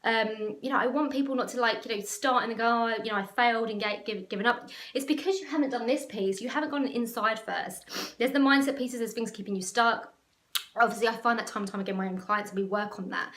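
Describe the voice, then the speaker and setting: A woman's voice: a little high, a little fast, a bit bright, echoey room. A woman business coach talking to camera in an emotional, passionate, rambling way. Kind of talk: casual talk to camera.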